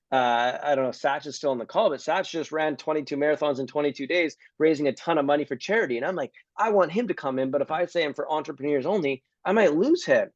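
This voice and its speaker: A man's voice: medium pitch, a little mellow, dry recording, highs cut off. A man hosting a community video call, talking casually and earnestly, with some rambling restarts. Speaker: host of a giving community call. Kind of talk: casual chat.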